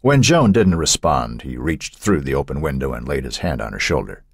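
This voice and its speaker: A man narrating an audiobook in an expressive, suspenseful storytelling manner. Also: very deep voice, normal speed, creaky, breathy edge, dry recording, clean studio sound.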